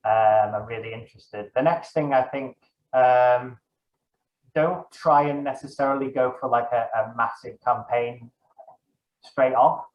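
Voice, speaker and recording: A young man talks casually as an interview guest, rambling and correcting himself as he goes. The room around him is echoey, and the sound is a bit dull and lo-fi. His pitch sits in an ordinary middle range. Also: unhurried. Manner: rambling, self-correcting, many fillers. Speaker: guest, dungeon master.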